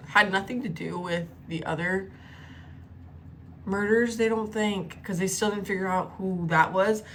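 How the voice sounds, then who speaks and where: A woman vlogger telling a personal story in a casual, animated way, cursing freely and acting out the quotes. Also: medium pitch, measured pace, slight background noise. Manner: animated, profane, acts out the quotes.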